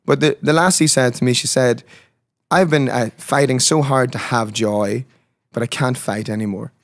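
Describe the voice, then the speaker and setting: A man speaks as a musician guest, mid-pitched and earnest. He talks with heartfelt, preacher-like conviction. The sound is dry and close to the mic. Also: normal speed, no room sound. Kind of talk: casual conversational interview.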